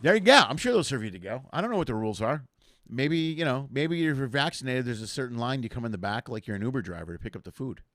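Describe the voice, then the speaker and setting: A man's voice: medium pitch, lively intonation, fast, fairly bright tone, no echo. A man from the area, a comedian hosting a casual live chat show and rambling jokily. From Chicago area. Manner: rambling, jokey, self-deprecating.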